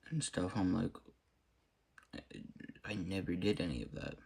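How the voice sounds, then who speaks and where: Quiet gravelly young man telling a story. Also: low voice. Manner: quiet, halting, many fillers and restarts. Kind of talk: storytelling monologue.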